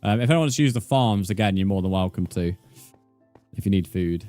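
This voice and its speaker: This male streamer's voice is low and dark-toned, animated and brisk, over soft background music with no echo. He chats in a relaxed, talkative way with viewers while gaming live, addressing them as mate.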